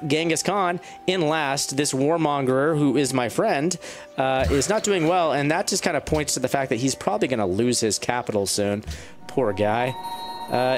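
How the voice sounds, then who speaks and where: This let's-play gamer is a man offering relaxed, chatty commentary on his gameplay. He addresses the game's units directly, and his pitch rises whenever excitement hits.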